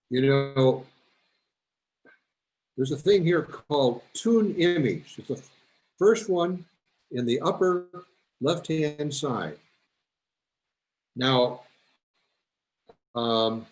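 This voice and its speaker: A man demonstrates photo-editing steps to fellow club members, chatting casually to the group. His pitch moves a lot, giving the talk an animated, folksy feel. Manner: folksy, instructive. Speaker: club presenter. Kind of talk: software demo to club.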